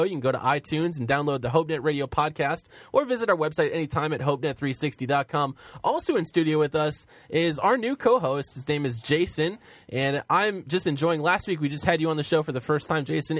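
A man's voice: a little high, no echo. A man hosting a talk radio show, speaking in a friendly, promotional way.

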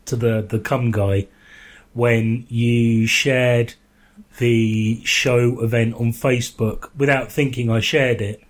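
A man's voice: medium pitch, steady tone, takes it slowly. Sweary man on a casual podcast. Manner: sweary, dry and teasing. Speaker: podcast co-host. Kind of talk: casual chat.

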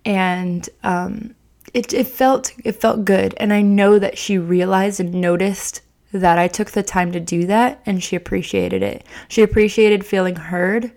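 Candid young mom with vocal fry. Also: female voice, mid-range voice, normal speed, a little mellow. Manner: candid, confessional, many fillers and restarts. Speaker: podcast host. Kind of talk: casual personal podcast talk.

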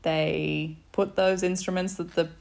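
A woman, a podcast guest telling a story in a casual, animated way, laughing often and saying "like" a lot. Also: fairly low pitch, measured pace, vocal fry. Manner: animated, laughing, many fillers like "like".

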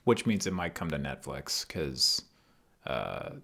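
A man co-hosting a podcast in casual chat. He teases dryly in a calm way. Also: very deep voice, takes it slowly, gravelly. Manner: calm, dry teasing. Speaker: podcast co-host and editor.

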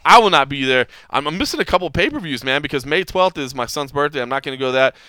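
A man in his forties hosting a podcast, telling stories in a rambling, animated way with frequent restarts. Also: a little high, fast, clean tone, dry recording, clean studio sound. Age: 40s. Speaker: podcast host. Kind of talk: casual chat.

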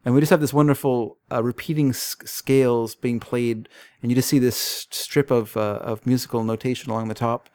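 Casting: man, podcast co-host recapping a comic, animated readings of quoted lines, dry close sound. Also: normal speed, few pauses, clear, resonant tone, dry recording. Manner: animated, reads quoted dialogue in lively higher voices. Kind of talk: casual chat, reading comic aloud.

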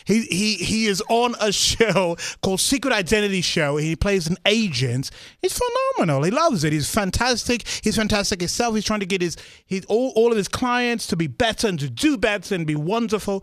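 A man in casual podcast chat, talking in an animated, playful way with stumbling restarts. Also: high voice, moderate pace, hardly any pauses, no echo. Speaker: entertainer and podcast regular.

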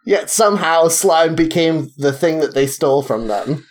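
A man's voice: a little high, lively intonation, normal speed. A man co-hosting a casual podcast conversation. He tells stories in an easy, chatty way and breaks into laughter along the way. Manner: laughs while telling stories. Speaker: podcast co-host. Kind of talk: casual chat.

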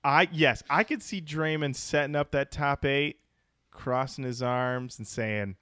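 A man's voice: medium pitch, unhurried, sharp tone, smooth, no echo, studio quality. A man co-hosting a casual comedy podcast, reading listener comments aloud and tossing in joking asides. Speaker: podcast co-host.

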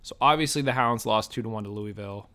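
A man hosting a sports podcast in a low voice, speaking in a measured, even way. He steers the talk and sets up what comes next, in a relaxed, unscripted chat. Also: clear, resonant tone. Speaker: podcast host. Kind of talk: casual chat.

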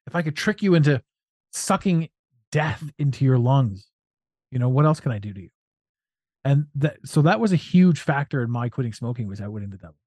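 A man hosts a loose, casual podcast and talks at a middle pitch. He tells stories in an animated way and slips into silly voices for a laugh. The recording is dry and close, with no room sound. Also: brisk, dry recording. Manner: animated, acts out voices and jokes. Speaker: podcast host.

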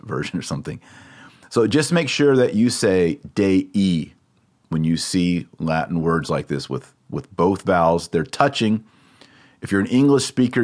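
In a casual spoken lesson, a deep-voiced man teaches the Latin words of a Catholic prayer, patiently repeating each word slowly to drill its pronunciation.

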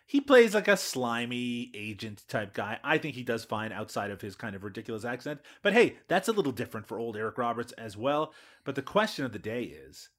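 A man's voice: mid-range voice, big pitch swings, brisk, a bit bright. Playful man hosting a podcast. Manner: playful, mock-dramatic, swears freely. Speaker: podcast host. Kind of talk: casual podcast chat.

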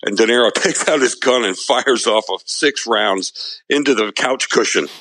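A male podcast co-host chats casually, rambling through stories and laughing often. His medium-pitched voice is pushed and bright at a normal speed, on poor audio with no room sound.

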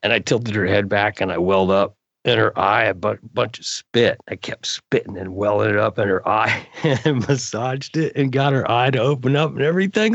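Gravelly laid-back man telling stories. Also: lowish voice, moderate pace, hardly any pauses, no room sound, lo-fi sound. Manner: laid-back, animated anecdotes with surfer slang. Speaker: podcast guest, frisbee freestyler. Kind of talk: casual storytelling.

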